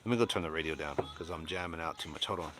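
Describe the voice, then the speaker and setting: A man's voice: very deep voice, racing, background noise. A middle-aged man at home, chatting blunt and opinionated on a live stream as he reads and answers his chat, rambling with restarts. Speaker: livestreamer reading and answering chat.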